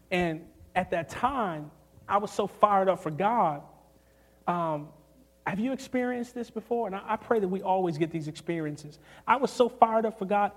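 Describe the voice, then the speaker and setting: Animated high-voiced male preacher. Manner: animated, acts out quotes, swings from loud to hushed. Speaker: youth preacher. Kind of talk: storytelling sermon.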